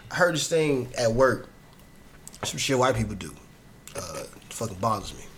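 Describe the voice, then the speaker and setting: Animated man laughing through podcast banter. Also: medium pitch, moderate pace, slight background noise. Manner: animated, swearing, laughs while talking. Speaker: guest.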